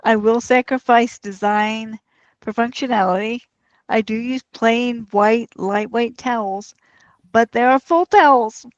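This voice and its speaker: A woman's voice: on the high side, measured pace, no room sound, lo-fi sound. A woman from Arkansas and Texas co-hosting a podcast, chatting casually with wry replies. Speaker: podcast co-host. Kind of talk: casual chat.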